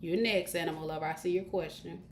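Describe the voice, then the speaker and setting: A woman's voice: on the low side, steady tone, quick pace. Casual woman doing tarot readings live, chatty, talks right to the viewers, bit of room echo. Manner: chatty, informal, addresses viewers directly. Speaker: tarot reader. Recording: roomy echo with faint hiss.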